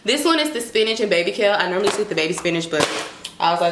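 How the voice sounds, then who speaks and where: A woman's voice: mid-range voice, animated, very fast. A young woman vlogging a casual grocery haul, chatty and slangy, sometimes talking about herself in third person. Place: apartment kitchen. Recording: echoey room with clear background noise.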